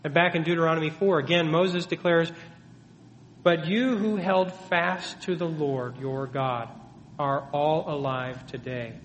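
Man, preacher, earnest, emphatic, fairly high voice, long echo of a hall. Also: measured pace, a little hiss or hum. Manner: earnest, emphatic teaching with rhetorical questions. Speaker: pastor. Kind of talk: sermon.

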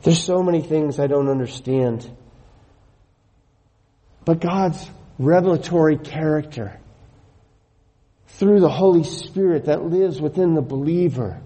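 A man's voice: a little high, slow, long pauses, dark tone, low-quality recording. A middle-aged man preaching a sermon as pastor, earnest and emphatic, often repeating his phrases for weight.

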